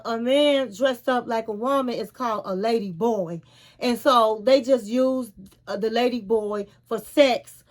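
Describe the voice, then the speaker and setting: High-voiced chatty woman vlogger. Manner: chatty, animated, calls the listener "honey". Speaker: vlogger recapping a reality show. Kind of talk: casual storytelling recap.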